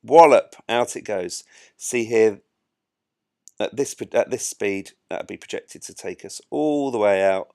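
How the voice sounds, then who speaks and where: A man's voice: medium pitch, a little mellow, dry recording, studio quality. A man giving chatty, self-mocking live commentary while he plays a space game. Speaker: gameplay streamer.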